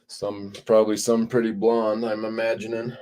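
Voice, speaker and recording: A man hosting a casual livestream, chatting and reading viewer comments aloud in a relaxed, drawling way. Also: on the low side, moderate pace. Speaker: livestream host.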